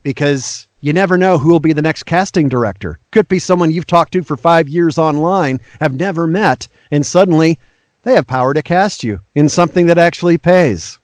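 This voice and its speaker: رجل متحمس يقدم نصائح صريحة. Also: male voice, on the high side, normal speed, no echo. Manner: earnest, encouraging, frank. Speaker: voice actor guest. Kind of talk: advice-giving interview talk.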